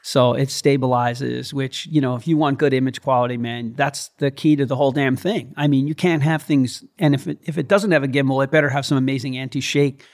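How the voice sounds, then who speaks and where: A man's voice: mid-range voice, steady tone, a little fast, hardly any pauses. A middle-aged man hosting a casual interview, enthusiastic and loose, with lots of fillers and the odd swear. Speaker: podcast host.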